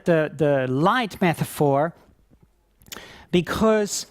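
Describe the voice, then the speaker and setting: A man teaching Reiki at a conference, telling stories in a lively, laughing way and acting out scenes as he talks. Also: fairly high pitch, no room sound, studio quality. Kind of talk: conference talk with anecdotes.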